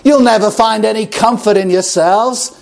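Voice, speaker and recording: A man's voice: high-pitched, normal speed, gravelly, darkish tone. A man voicing a thin, plain-spoken lay preacher from Essex who exhorts his small congregation fervently. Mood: pleading.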